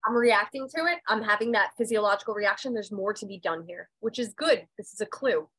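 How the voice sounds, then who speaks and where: A woman's voice: mid-range voice, expressive, a little fast, sharp tone, breathy edge, low-quality recording. A woman, a podcast guest, telling her personal story candidly and emphatically, swearing freely. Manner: raw and emotional, voice dropping and rising. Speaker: podcast guest, medium and intuitive.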